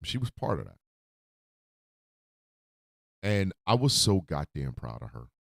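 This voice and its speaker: A man hosting a radio show, talking from the heart in a profane, emotional monologue that swings into loud outbursts. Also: low-pitched, very animated, unhurried, vocal fry, dry recording, clean studio sound. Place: radio studio.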